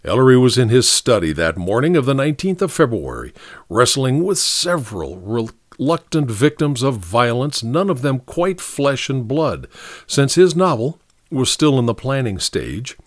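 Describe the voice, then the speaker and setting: A man's voice: mid-range voice, very animated, normal speed, no echo, studio quality. A man narrating a mystery story as an audiobook, with a wry, theatrical delivery.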